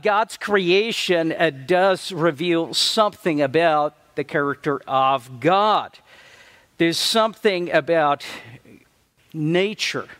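A man's voice: a little high, a bit bright. Africa-born guest pastor, man, preaching. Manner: storytelling, acts out church members' voices. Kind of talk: sermon.

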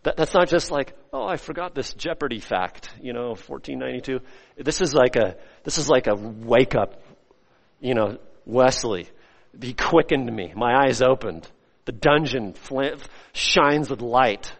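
A male pastor preaching a sermon, swinging between loud, rising emphasis and soft, hushed lines. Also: medium pitch, unhurried, creaky. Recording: long hall reverb.

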